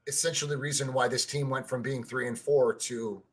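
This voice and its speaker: A man's voice: medium pitch, steady tone, brisk, husky. A man co-hosting a podcast in casual sports fan chat, rambling, stammering over his words and swearing freely. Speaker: podcast co-host.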